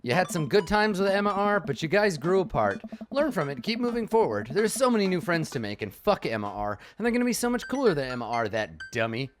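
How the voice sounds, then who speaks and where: Brief: man doing a goofy game dad, mock-solemn wisdom, lively rising and falling pitch. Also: fast, few pauses, soft background music. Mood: earnest. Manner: mock-solemn fatherly advice with comic swerves. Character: goofy, well-meaning single dad giving advice. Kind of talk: reading game dialogue aloud.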